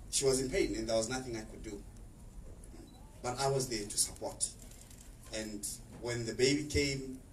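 A middle-aged man speaking on a panel, earnest and repeating words as he searches for them. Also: mid-range voice. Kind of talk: panel discussion speech. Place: exhibition hall. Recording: echoey hall, distant mic, faint noise.

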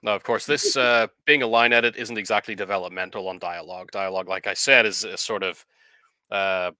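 A man co-hosting a casual talk on editing fiction, explaining at a measured pace with frequent ums and uhs. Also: fairly low pitch, steady tone, pushed and bright, clear, resonant tone, no room sound. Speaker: co-host of a writing advice show.

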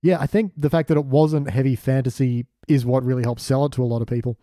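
Mellow-voiced man co-hosting a podcast. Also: medium pitch, fast talker, no room sound, clean studio sound. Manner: relaxed, chatty, reads the show's plug in a mock announcer voice. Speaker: podcast co-host. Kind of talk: casual chat.

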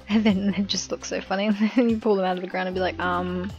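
A woman's voice: medium pitch, steady tone, quick pace, darkish tone, lo-fi sound, soft background music. A woman giving rambling, giggly commentary while playing a video game. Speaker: gaming YouTuber. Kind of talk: casual let's-play commentary.

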